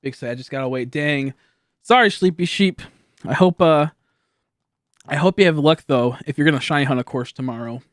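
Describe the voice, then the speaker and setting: A man's voice: fairly high pitch, moderate pace, dry recording, clean studio sound. A young man chatting casually with viewers on a live stream, rambling and laughing often.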